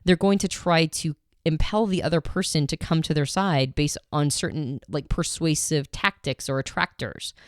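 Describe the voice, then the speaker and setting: Measured, analytical woman podcast host. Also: low-pitched, no echo, studio quality. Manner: measured and analytical, mostly even with some inflection. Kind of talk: explanatory podcast talk.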